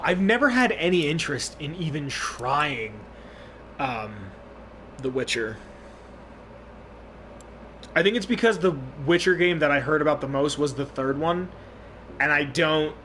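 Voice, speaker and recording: A young man chats loosely while he plays a game on stream, drifting from thought to thought and swearing freely. His voice sits a bit on the high side. Steady noise runs under the recording. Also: unhurried, pauses often. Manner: rambling, profane, thinks aloud with restarts. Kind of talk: casual live-stream chat while gaming. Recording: clear background noise.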